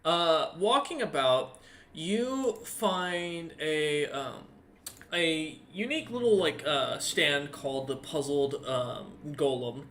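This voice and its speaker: A man narrating a tabletop game as game master, halting and full of ums and uhs. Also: a little high, animated, a bit bright, a little hiss or hum.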